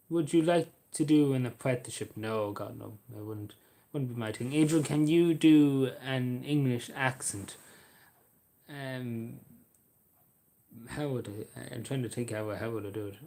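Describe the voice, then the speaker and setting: A young Irish man talking casually as he answers viewer questions, halting often with ums and repeating his phrases. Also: medium pitch, darkish tone. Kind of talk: casual Q&A monologue.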